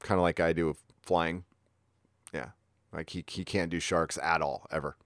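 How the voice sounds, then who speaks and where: A middle-aged man from San Diego, chatting casually as a livestream host and telling rambling, profane stories that jump into sudden high-pitched bursts. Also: fairly even intonation, normal speed, dry recording, clean studio sound. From San Diego, California. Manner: laid-back, profane storytelling with sudden high-pitched outbursts.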